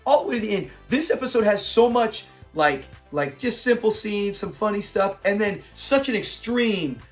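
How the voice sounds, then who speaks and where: A man hosting a casual episode review, retelling scenes with lively acted-out lines and frequent laughs. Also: sits high, moderate pace, soft background music. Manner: animated retelling, acts out the characters' lines, laughs often.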